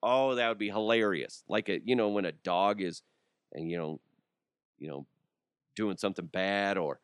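A man's voice: on the low side, normal speed, smooth, no room sound, clean studio sound. A middle-aged man hosting a radio show in a casual comedic chat, rambling and joking with frequent laughs.

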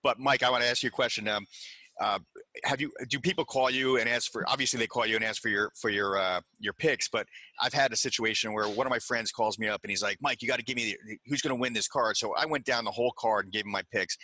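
A man's voice: medium pitch, quick pace, pushed and bright, no echo. A man hosting a casual talk show, chatty and stumbling as he asks questions. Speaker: podcast host.

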